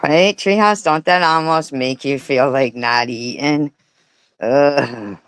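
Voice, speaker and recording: Woman streamer, slow scornful commentary, crude mouth, dry close sound. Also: rumbling low, clear, resonant tone, no room sound, low-quality recording. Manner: profane, mocking, disgusted. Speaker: livestream host. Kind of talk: casual livestream commentary.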